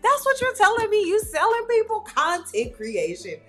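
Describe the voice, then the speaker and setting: A woman's voice: very high voice, huge pitch swings, normal speed, fairly bright tone, faint music behind. A woman doing reaction commentary on clips, blunt, exclaiming and profane.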